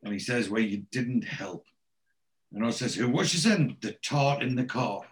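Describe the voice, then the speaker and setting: A man's voice: medium pitch, expressive, normal speed. A man in casual chat, rambling through a TV episode and quoting the characters in his own voice.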